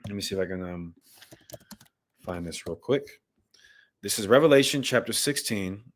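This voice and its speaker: This livestream host and Bible commentator has a lowish voice with lively intonation and a moderate pace. He reads news and scripture aloud, then comments on them with passion, speaking straight to his audience.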